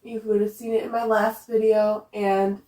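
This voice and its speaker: A woman's voice: medium pitch, little pitch movement, moderate pace, dark tone. A woman chatting enthusiastically about her houseplants, gushing and often repeating her words, with a slight regional accent that slips in now and then. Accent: some regional accent that slips in. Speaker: houseplant vlogger. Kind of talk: casual chat. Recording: roomy echo, distant from the mic.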